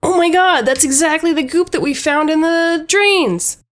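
A woman's voice: very high-pitched, normal speed, voice pushed up. A woman voicing a startled grown male plumber with shocked exclamations, as game master in a comedy tabletop game.

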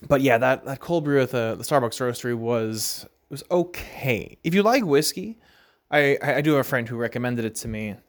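Man, mid-pitch voice, casual podcast host, rambling, filler-heavy, relaxed. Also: moderate pace. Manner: relaxed, laughs now and then. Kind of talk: casual solo chat.

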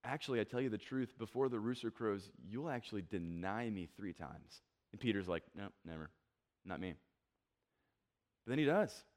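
A man's voice: medium pitch, darkish tone. A young man preaching a casual, conversational sermon, acting out quotes and joking about himself. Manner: conversational, self-deprecating, acts out quotes. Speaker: pastor.

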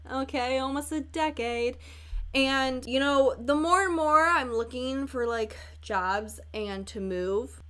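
A chatty young woman from Chicago talking through her solo podcast, candid and casual, swearing freely and breaking into laughs. Her voice sits a little high, and her delivery is loose and conversational. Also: a bit bright. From Chicago, USA. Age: 20s. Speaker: podcast host.

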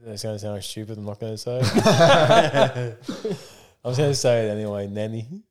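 A man's voice: fairly low pitch, sing-song, moderate pace. A man playing a football quiz on a casual podcast, swearing and cheering himself on. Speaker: podcast co-host, quiz contestant.

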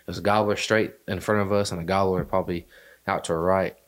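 A man's voice: deep voice, steady tone, fast talker. A man hosting a podcast, telling a hunting story in a rambling, casual way with many fillers. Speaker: podcast host. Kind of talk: casual chat.

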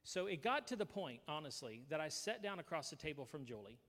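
A man earnestly sharing a personal testimony at a gathering, speaking into a handheld mic with halting restarts. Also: fairly high pitch, big pitch swings, fairly bright tone, long reverb tail.

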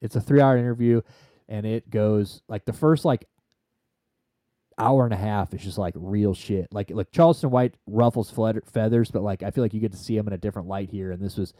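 Mellow-voiced, rambling, profane male podcaster. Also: fairly low pitch, no room sound, studio quality. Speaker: podcast co-host. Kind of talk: casual podcast chat.

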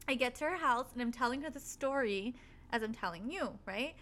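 A woman telling a spooky personal story in casual chat, animated and swearing freely as she acts out what people said. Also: a little high, a little fast. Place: apartment.

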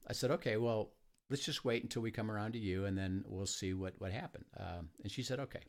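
A man with a fairly low voice tells a story in an easygoing conversation. He is earnest and halting, full of small fillers and restarts. He sounds like a ministry leader sharing an experience.

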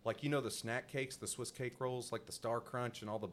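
A man's voice: medium pitch, a little fast, slight background noise. A male podcast host telling a story in casual chat, laughing often and acting out the voices of the people in it. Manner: animated, laughing, acts out voices in his anecdotes.

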